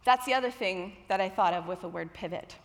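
A woman's voice: mid-range voice, fairly quick, big-room sound. A young woman from children's ministry preaching a sermon on stage, chatty and self-deprecating, a little nervous. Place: church auditorium with stage lights.

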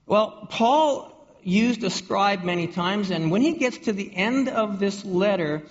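A pastor preaches a sermon to his congregation in a high-sitting voice with lively intonation and a measured pace. He often repeats and restarts words and puts questions to the room. The audio is dull, with long hall reverb.

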